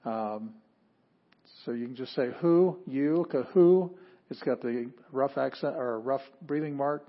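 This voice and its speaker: A man's voice: medium pitch, a little slow. A man teaching Greek in a chatty lecture style, correcting himself and making joking asides. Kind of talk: classroom lecture. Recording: dull lo-fi lecture recording.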